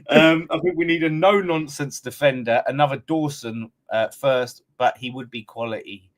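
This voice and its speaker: A man's voice: mid-range voice, normal speed, few pauses, fairly bright tone. A man hosting a live-streamed football fan chat, talking casually and swearing freely. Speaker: fan channel host.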